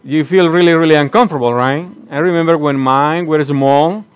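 A man's voice: fairly high pitch, fairly quick, smooth, muffled recording. A man giving an earnest, conversational morning talk to his community, often asking the listeners questions. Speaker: speaker addressing his community.

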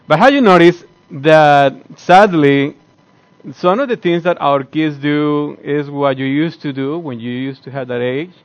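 Earnest and conversational, a man gives a morning talk to his community and often poses questions to the listeners. His voice is a little high and a little slow, and the recording quality is low.

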